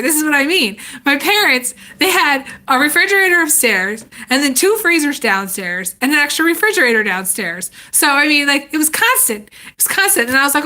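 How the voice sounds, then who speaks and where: A woman in her thirties chats casually through a live-stream story. Her voice sits high and sounds bright and forward. She laughs often and slips into little voices for the people she quotes. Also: sing-song, a little fast. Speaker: tarot reader chatting on a live stream.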